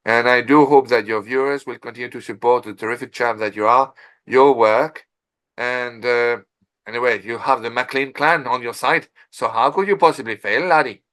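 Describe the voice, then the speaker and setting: A man appearing as an interview guest, speaking in a formal, deliberate and complimentary way. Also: mid-range voice, fairly even intonation, fairly bright tone. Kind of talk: interview conversation.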